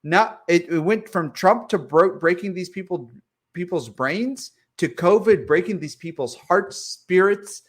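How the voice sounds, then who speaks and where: A man's voice: high voice, unhurried, breathy edge. A man co-hosting a political podcast, ranting with lots of swearing and repetition. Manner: profane and worked-up, repeats himself. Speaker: podcast co-host. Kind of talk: heated political podcast chat.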